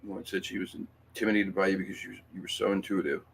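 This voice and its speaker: A fast-talking man with a deep, fairly monotone voice and noticeable vocal fry runs a casual livestream, going through viewer comments. His talk is rambling and emphatic, full of fillers, restarts, and curses. There's slight background noise.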